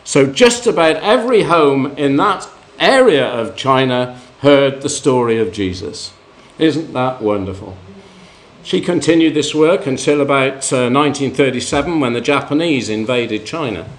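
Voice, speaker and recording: A man's voice: lively intonation, moderate pace. Man preaching a story-filled sermon. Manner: storytelling, pitch rising for emphasis and dropping at ends of points.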